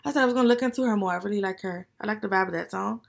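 A woman, co-hosting a podcast with a gravelly, fry-tinged voice. She talks in a relaxed, chatty way and swears casually. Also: mid-range voice, rapid-fire. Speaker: podcast co-host. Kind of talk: casual chat.

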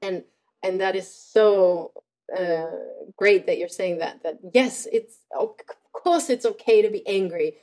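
A woman's voice: medium pitch, lively intonation, a little slow, darkish tone. A woman in casual conversation, reassuring and easy to laugh. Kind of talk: casual chat.

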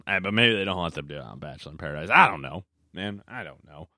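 Young male podcast host, casual rambling chat, lowish voice, dry close-miked sound. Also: expressive, fast talker, bright, forceful tone, dry recording. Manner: rambling, chatty, hesitant with fillers and self-corrections.

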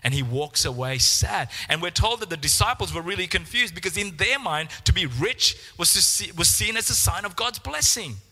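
Male preacher, fairly high voice, animated delivery with repeated words, reverberant hall. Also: moderate pace, hardly any pauses, breathy edge. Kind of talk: sermon.

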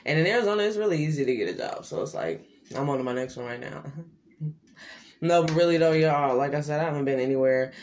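A man's voice: lively intonation, quick pace, darkish tone, slight background noise. A young man hosting his own podcast, chatting loosely and rambling in slangy casual talk. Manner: rambling, loose and slangy, with sudden pitch jumps. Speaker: podcast host. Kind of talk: casual solo podcast chat.

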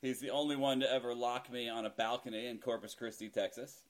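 A man's voice: mid-range voice, flat delivery, a little fast. A middle-aged man hosting a casual podcast, chatty and self-deprecating, laughing easily as he talks. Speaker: podcast host.

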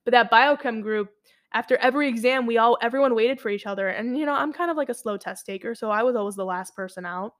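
A woman's voice: on the high side, fast talker. A woman in her twenties, a college student talking through her year in a casual, rambling monologue full of fillers and self-corrections.

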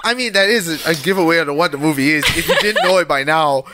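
High, lively man with faint noise. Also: fast. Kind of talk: casual chat.

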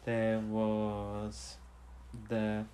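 A man's voice: lowish voice, monotone, extremely slow, warm tone, slight background noise. A man co-hosting a show, recapping an episode in casual chat, rambling with restarts and tag questions. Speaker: podcast co-host.

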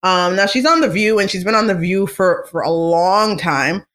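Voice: mid-range voice, moderate pace. Chatty, filler-heavy podcast host. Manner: chatty and animated, many fillers and restarts. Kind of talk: casual celebrity gossip monologue.

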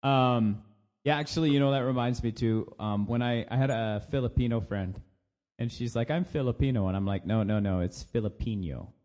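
A man's voice: medium pitch, a little fast, darkish tone. An American man co-hosting a casual podcast chat, joking and laughing often. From United States. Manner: jokey, puts on silly voices and laughs often. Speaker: podcast co-host.

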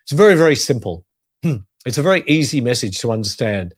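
A man preaching as a pastor, earnest and measured, leaning on key phrases for emphasis. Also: medium pitch, big pitch swings, husky, no echo, studio quality. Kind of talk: sermon-style teaching.

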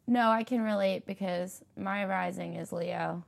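Chatty woman with a gravelly edge. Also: medium pitch, unhurried. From Philadelphia area. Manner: chatty, animated storyteller. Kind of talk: casual chat.

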